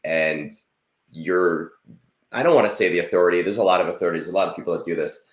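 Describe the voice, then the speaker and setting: A man in his late thirties, low-pitched, hosts a loose livestream chat. He rambles cheerfully with many fillers, and his voice bounces around a roomy, echoey space. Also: fast. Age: 30s. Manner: rambling, chatty, self-deprecating, with frequent fillers. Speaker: stream host.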